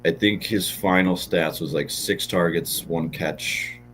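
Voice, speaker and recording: A man co-hosting a casual fantasy football show, relaxed and joking, with plenty of fillers. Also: sits low, takes it slowly, a little hiss or hum, poor audio. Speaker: podcast co-host. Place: podcast studio.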